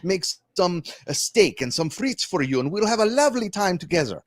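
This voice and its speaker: A man's voice: high-pitched, very animated, a little fast, voice pushed up. A man putting on a hammy French accent. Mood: charming. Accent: French, put on. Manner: playful, exaggerated, sing-song. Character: charming man with a fake French accent, inviting someone to dinner.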